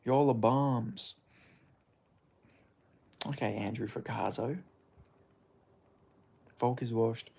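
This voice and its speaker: An Australian man answers his livestream chat in casual, profane banter. His voice sits at an ordinary pitch with a gravelly, creaky texture. His delivery stays blunt and laid-back. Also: steady tone, very slow, pauses often, dark tone. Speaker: streamer reading chat.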